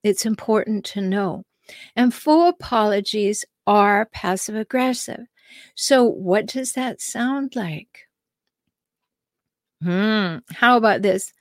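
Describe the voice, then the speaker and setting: In a slow, mid-range voice, a woman who coaches on relationships hosts her own podcast as a solo advice monologue. She speaks straight to the listener, often posing rhetorical questions, and the studio-quality recording has no room sound.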